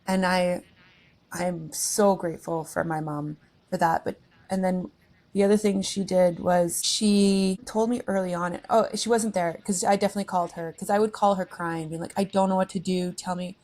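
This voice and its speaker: A woman's voice: fairly low pitch, fairly even intonation, moderate pace, darkish tone. A woman co-hosting a podcast, sharing her motherhood experiences in a casual, earnest chat. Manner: reflective, earnest storytelling. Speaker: podcast co-host.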